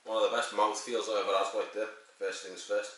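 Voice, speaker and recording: A man's voice: on the low side, little pitch movement, a little fast, fairly bright tone. A man reviewing a beer in a rambling, crude and jokey way, swearing as he goes. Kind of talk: casual sweary review monologue. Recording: very echoey room, mic at a distance.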